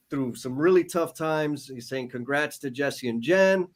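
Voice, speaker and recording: A man's voice: fairly high pitch, measured pace, few pauses, slight background noise. A man in his thirties co-hosting a casual livestream, reading viewer comments aloud and getting choked up and emotional. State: emotional, near tears. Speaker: co-author and livestream co-host.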